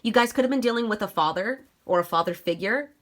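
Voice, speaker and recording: A woman's voice: mid-range voice, lively intonation, fast talker, a bit bright. A woman giving a casual tarot reading, talking straight to her viewers and swearing freely. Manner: chatty, swears freely, addresses viewers directly. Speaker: tarot reader.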